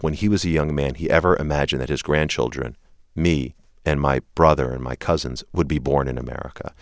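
A man with an extremely low, deep voice gives earnest, measured answers in a broadcast interview. The sound is dry and close, with no room around it. He often sets up his points with a firm "look.". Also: vocal fry, smooth, no room sound. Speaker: interview guest, civil rights group leader.

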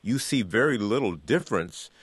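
A man's voice: lowish voice, expressive, normal speed, slightly rough, dry recording. A man being interviewed on the radio as an author, talking earnestly and often repeating words as he builds a point. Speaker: author and guest.

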